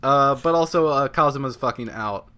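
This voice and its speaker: A man with a bright, sharp-edged voice chatting casually about a video game. He jumps in with joking asides and mock quotes from the characters. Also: medium pitch, moderate pace. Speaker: co-host recapping a video game. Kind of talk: casual chat.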